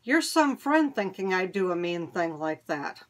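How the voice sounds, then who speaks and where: A woman's voice: lowish voice, a little slow. Woman doing an eager young schoolboy. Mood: indignant. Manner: raised, excited voice.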